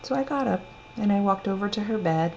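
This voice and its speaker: A woman telling a personal story in a gentle, reflective, unhurried way. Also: medium pitch, expressive, creaky. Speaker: storyteller sharing a personal testimony. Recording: dull lo-fi recording with faint hum.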